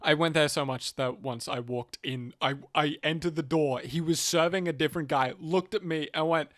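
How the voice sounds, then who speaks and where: On a clean, dry studio recording, a man with a somewhat high, slightly bright voice co-hosts a podcast at a moderate pace. The chat is casual and rambling, and he swears and laughs a lot.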